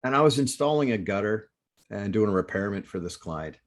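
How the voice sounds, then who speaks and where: A man with a fairly low voice tells a story in loose, casual podcast chat. He swears constantly and gets worked up as he goes, jumping from thought to thought. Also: brisk. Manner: profane, excitable, rambling. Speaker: podcast host. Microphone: remote call setup.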